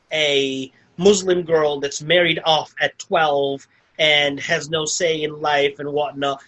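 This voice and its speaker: A man's voice: on the high side, fairly bright tone, poor audio. A man co-hosting a podcast, recapping a film in casual chat, rambling with lots of "like" and restarts. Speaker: podcast co-host. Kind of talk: casual movie review chat.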